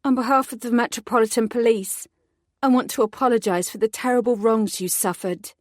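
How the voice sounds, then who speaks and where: A woman's voice: fairly high pitch, fairly even intonation, brisk, no room sound, studio quality, voice pushed up, lightly acted. A woman voicing a young female detective, firm and earnest, in an audiobook.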